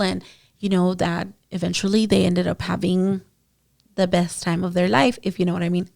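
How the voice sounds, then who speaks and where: A woman's voice: lowish voice, steady tone, moderate pace, vocal fry, a little mellow, no echo, clean studio sound. A woman esthetician hosting her podcast, telling client stories in a chatty, casual way with lots of fillers, speaking into a podcast mic. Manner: chatty, many fillers, addresses listeners as guys. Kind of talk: casual storytelling monologue.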